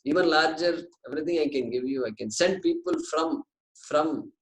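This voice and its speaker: A man's voice: on the high side, normal speed, lightly acted, poor audio. A man voicing a god of death who coaxes and bargains, offering riches. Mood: coaxing.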